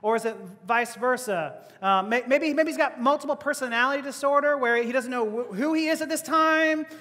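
A man's voice: very high voice, fairly quick, sharp tone. A man preaching a sermon as pastor, conversational, with rhetorical questions and laughing asides. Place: church hall. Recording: long hall reverb.

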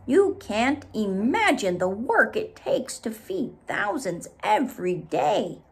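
A frantic little worker bee from a storybook, squeaky and high-pitched, as a woman reads the part aloud. It sounds worn out and overworked. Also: sing-song, slow, vocal fry, husky, heavily acted. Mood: weary.

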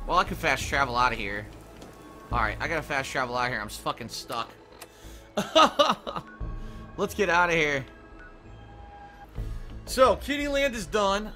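A high-voiced man talks through his gameplay in a casual commentary, his pitch swinging widely as he mutters and then bursts out in frustrated swearing. Game music plays clearly behind him. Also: very animated, measured pace, pauses often, sharp tone. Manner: frustrated outbursts with frequent swearing.

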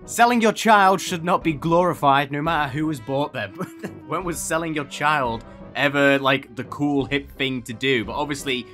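A young man with a bright, forceful voice, pitched a little high, running sarcastic comedic commentary as he reacts to posts. He laughs often and drops into mocking voices. Faint music plays behind him. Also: normal speed.

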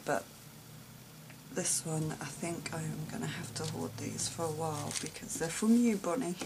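A woman in a home vlog, talking slowly in a low, gravelly voice as she gushes over gifts in breathy exclamations and soft whispers. Steady background hiss runs under the noisy recording. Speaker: vlogger unboxing gifts. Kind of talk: casual show-and-tell unboxing.

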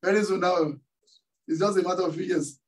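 This middle-aged Nigerian pastor has a high-pitched voice with fairly even intonation and a fairly quick delivery, plus a Nigerian accent. Preaching in church, he asks call-and-response questions so the congregation can finish what he's saying. The recording places him somewhat far from the mic.

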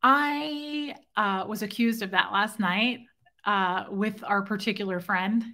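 Bright, chatty woman livestreaming. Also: mid-range voice, steady tone, unhurried. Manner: chatty, playful and self-mocking, breaks into snatches of song. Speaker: livestream host. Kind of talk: casual livestream chat, reading viewer comments aloud.

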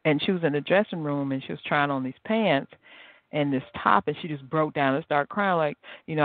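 A woman's voice: low voice, fairly quick, no room sound. A woman hosts a solo motivational talk, chatting freely and telling stories with animation. Her voice comes through a narrow, tinny phone-like line. There is no room sound around it at all. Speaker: podcast host.

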